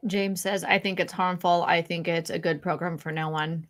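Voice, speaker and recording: A woman's voice: fairly low pitch, fairly even intonation, moderate pace, a bit bright. A woman co-hosting a casual live-stream chat, speaking candidly, laughing often and restarting her sentences. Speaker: podcast co-host.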